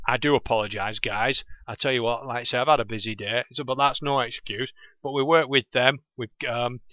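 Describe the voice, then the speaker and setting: A man's voice: mid-range voice, steady tone, brisk, fairly bright tone, no room sound, muffled recording. A man with a thick Lancashire accent hosting a gaming podcast alone, chatting casually and often losing his train of thought. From England. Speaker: podcast host. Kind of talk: casual rambling monologue.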